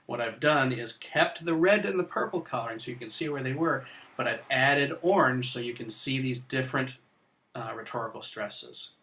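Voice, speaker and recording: Male poetry teacher, crisp bright tone, relaxed and jokey, lectures on rhythm with heavy word emphasis. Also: mid-range voice, normal speed. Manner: casual, joking, stresses words while reading lines aloud. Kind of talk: recorded lecture.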